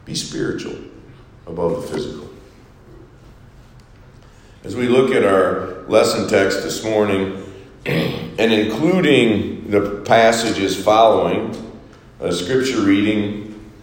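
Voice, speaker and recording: A man preaching a Sunday sermon as pastor, swinging from soaring exhortations to hushed, quiet lines. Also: on the low side, takes it slowly, pauses often. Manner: preaching with sweeping rises and hushed drops. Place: church sanctuary. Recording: echoey reverberant hall.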